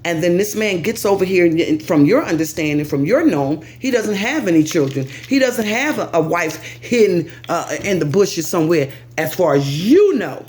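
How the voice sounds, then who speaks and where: American woman vlogger, lively commentary to camera, big pitch swings. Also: normal speed, hardly any pauses. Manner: animated, lively, pitch swings, talks straight to viewer.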